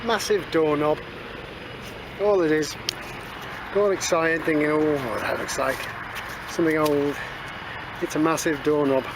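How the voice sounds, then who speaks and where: A man talks through his finds in a field, casual and cheeky, full of little asides. His voice sits a touch high. Outdoor noise runs clearly behind him. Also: measured pace, pauses often. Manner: chatty, cheeky asides, says moving on a lot. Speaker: metal detecting vlogger. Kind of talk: casual running commentary while detecting.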